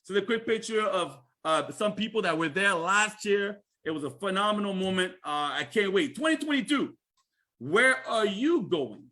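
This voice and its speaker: A man giving an energetic, chatty sales presentation on a livestream, repeating himself and asking listeners questions. He speaks with a Canadian accent. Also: high-pitched, normal speed, hardly any pauses.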